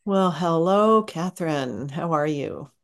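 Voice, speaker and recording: A woman's voice: low-pitched, animated, takes it slowly. A woman co-hosting a podcast in casual chat, playful and teasing. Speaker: podcast co-host.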